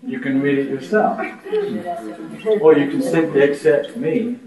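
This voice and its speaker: A man's voice: medium pitch, fairly even intonation, a little slow, over a noisy crowd. A man preaching to a gathered audience, throwing rhetorical questions and laughing lightly as he talks. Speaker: spiritual teacher. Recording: echoey room from a distance, audience.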